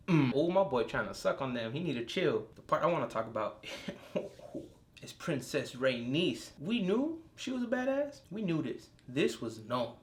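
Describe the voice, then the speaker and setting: A young man giving a casual solo review of a TV episode. He talks in an excitable, profane way, with bursts of enthusiasm. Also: on the high side, normal speed. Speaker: TV show reviewer.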